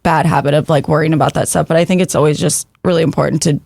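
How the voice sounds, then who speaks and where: A woman in her early thirties co-hosting a podcast, chatting casually and telling animated stories full of fillers. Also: sits low, racing, creaky, husky, no room sound, studio quality. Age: early 30s. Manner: animated storytelling, acts out family dialogue, many fillers. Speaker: podcast co-host. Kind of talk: casual chat.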